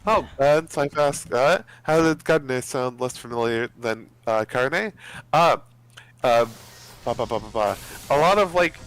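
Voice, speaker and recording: A man's voice: mid-range voice, unhurried, a bit bright, clean tone. A man chatting casually with friends while gaming, rambling with lots of fillers and restarts, over a voice chat headset.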